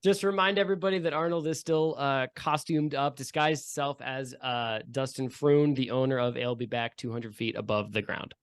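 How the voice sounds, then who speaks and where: A man narrating a tabletop game at a middling pitch, loose and rambling, filling gaps with "like" and "um". He sounds casual and unscripted, as if talking with friends. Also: steady tone, moderate pace, hardly any pauses, clean tone. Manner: loose, rambling with many fillers. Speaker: game master.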